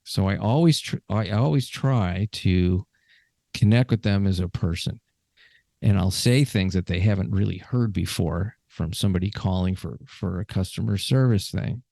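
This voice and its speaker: Man, lowish voice, podcast host, casual rambling chat, dry close sound. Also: normal speed, gravelly, warm tone, dry recording. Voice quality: chatty, rambling with restarts. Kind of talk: casual conversation.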